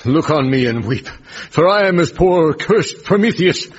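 An actor playing a theatrical, self-pitying husband who speaks in grandiose phrases in a radio comedy. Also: male voice, a little high, expressive, unhurried. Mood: pompous. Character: pompous, self-pitying idle young husband. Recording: muffled recording.

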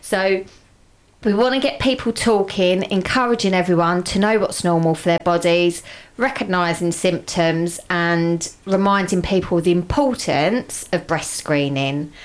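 A woman's voice: fairly low pitch, measured pace. A woman co-hosting a local radio show, chatting casually and promoting a charity challenge with enthusiasm. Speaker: radio co-host.

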